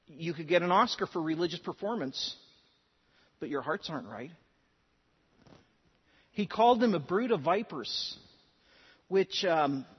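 Husky-voiced man preaching in a reverberant hall. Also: a little high. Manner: earnest preaching with dramatic emphasis. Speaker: pastor. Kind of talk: sermon. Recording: dull sound with long hall reverb.

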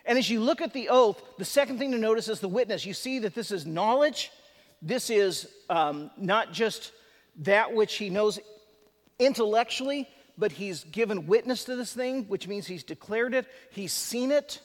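A man's voice: high-pitched, animated, normal speed. A man preaching a sermon to a live congregation, conversational and emphatic, with chatty asides. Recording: long hall reverb.

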